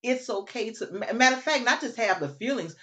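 A woman's voice: fairly high pitch, lively intonation, a little fast, a bit bright. A woman hosting a conversation, talking earnestly and emphatically as she makes her points. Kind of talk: casual chat.

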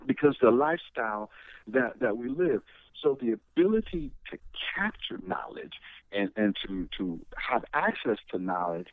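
A middle-aged man, a guest in an interview, talking in a motivational, animated way, often restarting his sentences. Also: medium pitch, normal speed, dry recording. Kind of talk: conversational interview. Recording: tinny phone line.

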